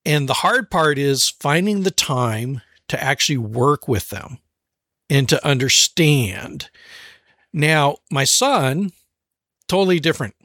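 A man in his forties, a parent of four, telling parenting stories in a relaxed way, often restarting and slowing down. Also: fairly high pitch, dry recording, studio quality. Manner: relaxed storytelling, frequent restarts and slower stretches. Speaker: parent sharing advice. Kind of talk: casual talk on parenting.

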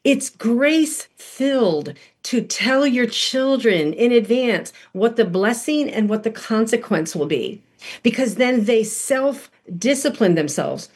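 Husky, animated woman telling a story. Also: on the high side, slow pace. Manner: animated storyteller who acts out quotes. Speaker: podcast guest speaker on parenting. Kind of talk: storytelling talk.

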